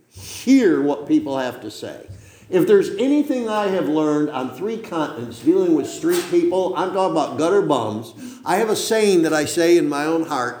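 Older man, pastor mid-sermon, emphatic rambling delivery with "okay?" asides, raised pitch, roomy church sound. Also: very animated, moderate pace, darkish tone, a little hiss or hum. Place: church sanctuary.

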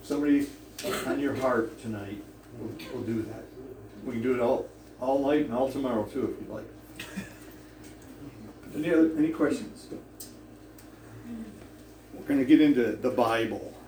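A man's voice: medium pitch, normal speed, long pauses, darkish tone. A man preaching to a congregation, telling a funny story with many chuckles and asides. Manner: humorous, chuckling storyteller who digresses. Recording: echoey hall from a distance with faint room noise.

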